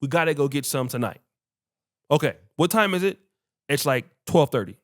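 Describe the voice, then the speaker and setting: A man hosting a podcast who tells stories in casual chat, animated and swearing freely while acting out what people said. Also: on the high side, moderate pace. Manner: animated, acts out quoted dialogue, swears freely. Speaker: podcast host.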